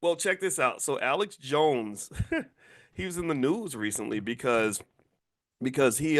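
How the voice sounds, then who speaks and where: A man's voice: mid-range voice, lively intonation, measured pace. A man in his fifties giving a casual, emphatic lecture as a finance educator, repeating key points and firing off rhetorical questions at his audience.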